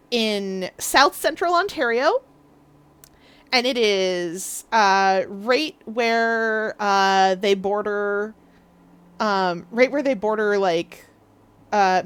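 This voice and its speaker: A woman's voice: medium pitch, extremely slow, fairly bright tone, smooth. A young woman from the Maritimes, chatting casually on a live stream, giggling often and rambling through asides. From Canadian Maritimes. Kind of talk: casual live-stream chat while gaming.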